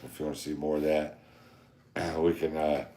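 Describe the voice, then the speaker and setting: A man's voice: very deep voice, flat delivery, normal speed, mellow. A middle-aged man co-hosting a podcast in casual chat, laid-back and self-deprecating. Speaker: podcast co-host. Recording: roomy echo.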